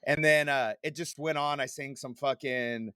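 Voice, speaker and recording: A man in his forties hosting a podcast, telling long stories in casual chat, animated and full of swearing. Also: medium pitch, normal speed, clear, resonant tone, no room sound, clean studio sound. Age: 40s. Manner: profane, animated storytelling. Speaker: podcast host.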